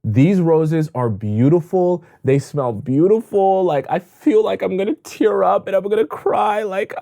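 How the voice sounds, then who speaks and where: A man voicing a gushing young girlfriend who swoons over a gift, his voice pushed high and breathless. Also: a little slow, vocal fry, few pauses, mellow. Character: gushing adoring girlfriend, young woman, overjoyed.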